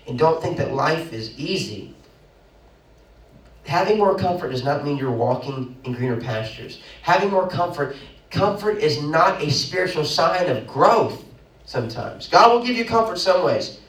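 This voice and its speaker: A young man preaches a sermon, swinging from quick asides into loud, high-pitched bursts. His voice sits slightly high for a man. He is caught from a distance in a roomy, echoing church. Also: expressive. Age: young adult. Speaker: pastor. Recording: roomy echo, mic at a distance.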